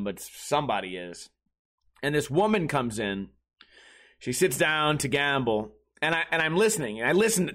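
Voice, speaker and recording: High-voiced man ranting a comic bar story. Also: a bit bright. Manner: profane, ranting, quick bursts. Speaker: podcast host. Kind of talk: comedic storytelling rant.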